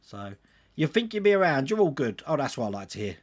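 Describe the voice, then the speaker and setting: This man's voice is a little high, and he talks quickly and with a lot of animation. He's hosting a casual livestream, reading viewer comments aloud and answering the chat in a chatty way.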